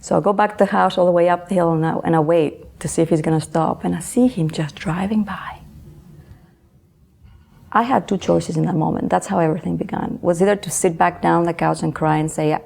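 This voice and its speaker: A middle-aged woman, an author and interview guest, earnestly telling a personal story and often answering with quick yeses. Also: lowish voice, fairly even intonation, vocal fry, a little mellow. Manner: earnest, repeats words, frequent affirming yeses.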